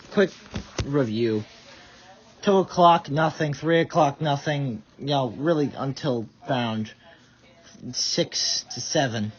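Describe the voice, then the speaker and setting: A tired man giving rambling casual live commentary, stumbling over his words. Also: medium pitch. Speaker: vlogger. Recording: dull lo-fi audio.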